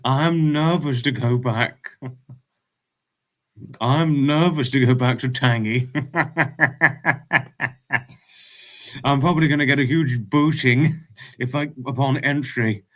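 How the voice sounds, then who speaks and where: A man's voice: medium pitch, fairly even intonation, measured pace, long pauses. A man hosting a casual livestream, reading chat messages aloud and reacting with frequent laughs.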